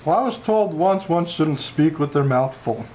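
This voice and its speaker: A man's voice: fairly high pitch, lively intonation, normal speed, darkish tone, slight background noise. A man co-hosting a casual food review, talking in a chatty, rambling way with many restarts.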